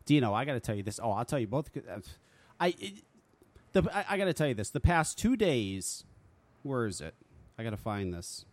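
A man's voice: mid-range voice, big pitch swings, moderate pace, a little mellow, dry recording. A man hosting a talk radio show, ranting casually and swearing freely in an exasperated way.

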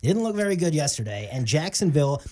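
A man hosting a sports radio show, talking football picks and games quickly and with animation. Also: on the high side, sing-song, warm tone. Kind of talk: casual sports talk.

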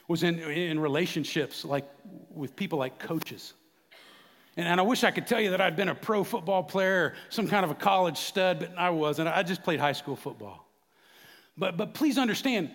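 Middle-aged pastor guy preaching, high voice, goes from hushed to shouting, big echoey hall. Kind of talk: sermon.

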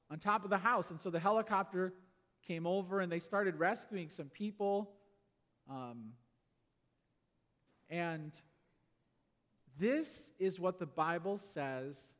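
A man preaching a sermon, telling stories and swinging between loud exclamations and quiet asides. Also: high voice. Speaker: pastor. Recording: long hall reverb.

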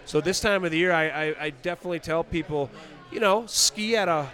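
A man's voice: a little high, a little fast, fairly bright tone, soft background music. Encouraging ski coach, a man. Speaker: ski coach and exam selector. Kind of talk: outdoor interview.

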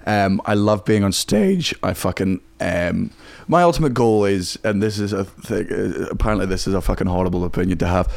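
A Scottish comedian talking casually as a podcast guest, swearing constantly and speaking in emphatic bursts. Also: male voice, low-pitched, a little fast, vocal fry, darkish tone, no room sound. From Scotland.

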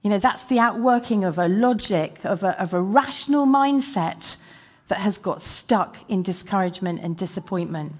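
A woman delivers a church sermon in a mid-range voice. She talks animatedly and acts out quoted questions and prayers with rising energy. Then she drops into quieter, earnest encouragement. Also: medium pitch, animated, normal speed. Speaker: preacher.

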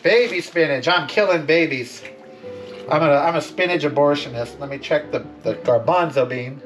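Male cooking vlogger, campy and sassy, very animated delivery, faint music bed. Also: on the high side, normal speed. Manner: campy, sassy, theatrical asides. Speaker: cooking vlog host. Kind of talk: casual cooking chat. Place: home kitchen.

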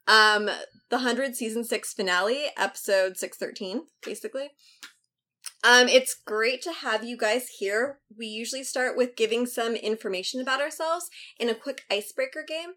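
A woman hosting a casual podcast chat, relaxed and hesitant, with frequent ums. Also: fairly high pitch. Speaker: podcast host.

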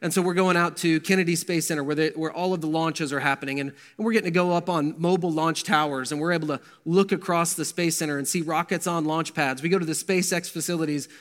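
A middle-aged man with a somewhat high voice shares his testimony at a men's breakfast. He tells it conversationally, full of ums, restarts and asides. His voice rings out with the long reverb of a large hall. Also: fairly even intonation, fast, few pauses. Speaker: guest speaker at men's breakfast. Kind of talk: personal testimony talk.

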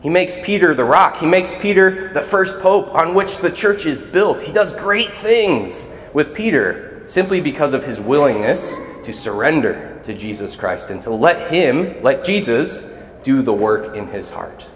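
A man's voice: a little high, expressive, measured pace, slight background noise. A man serving as a deacon, giving a conversational, earnest sermon in a church. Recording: echoey church hall.

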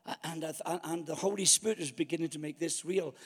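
A man's voice: a little high, steady tone, quick pace, breathy edge, in a large hall. A man preaching a storytelling sermon, acting out his own past thoughts.

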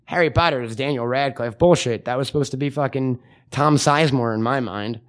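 A man co-hosting a podcast, talking in casual comedic banter, profane and joking, slipping into quick impressions. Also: medium pitch. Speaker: podcast co-host.

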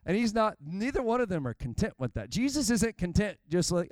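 With a high, very animated voice at a normal speed, a pastor gives a sermon in church, recorded without echo. He tells stories, performing the words of their characters, and his preaching grows steadily more intense.

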